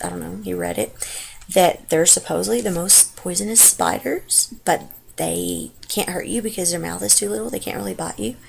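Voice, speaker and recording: This is a Texan woman in her thirties with a low, gravelly voice. She chats loosely through a vlog quiz, often trailing off with fillers and little asides. The delivery stays relaxed and unpolished. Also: a little hiss or hum. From Texas. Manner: rambling and unsure, with many ums and trailing asides. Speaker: vlogger. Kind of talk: casual dialect-tag chat.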